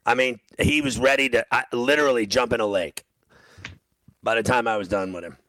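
A man's voice: on the low side, pushed and bright, no echo. A man hosting a sports radio show, telling a rambling story in casual banter and laughing often. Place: radio studio.

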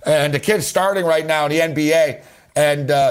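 A man hosting a sports betting radio show, talking in a loose, slangy, excitable ramble that keeps interrupting itself. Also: a little high, fairly quick, clear, resonant tone. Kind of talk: casual rambling radio talk.

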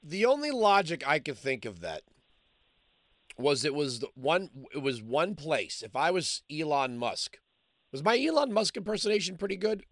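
A man hosts a call-in talk radio show, rambling through his points with fillers and restarts. His voice sits a bit high and sounds dry and close on a studio microphone. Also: big pitch swings, moderate pace, a bit bright, dry recording. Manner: talkative, frequent restarts and fillers.

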